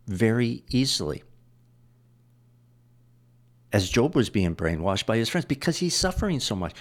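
A man's voice: mid-range voice, sing-song, moderate pace. A man preaching a sermon, going through scripture verse by verse and driving points home with repetition. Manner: explains verses line by line, repeating phrases.

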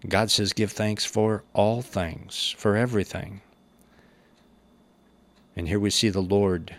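A man's voice: on the low side, no room sound. A man teaching the Bible verse by verse, reading scripture aloud and then commenting on it plainly.

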